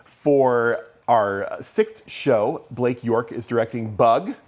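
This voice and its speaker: A man who serves as a theatre's artistic director appears as a guest in a TV studio interview, running through a season in a good-humored, upbeat way. His voice is medium-pitched, slow, and a little mellow.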